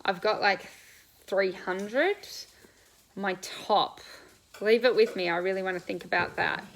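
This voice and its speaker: A woman's voice: mid-range voice, creaky, a little hiss or hum, rough recording. A woman riding coach hosting a casual live question-and-answer stream, chatty and bubbly as she answers viewers while eating breakfast. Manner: bubbly and chatty, quick laughs, loose rambling answers.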